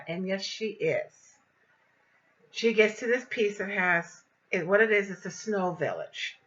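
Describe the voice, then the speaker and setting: An older woman telling a story in a casual vlog, animated and indignant as she recounts events. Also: medium pitch, measured pace, lo-fi sound. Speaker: vlogger.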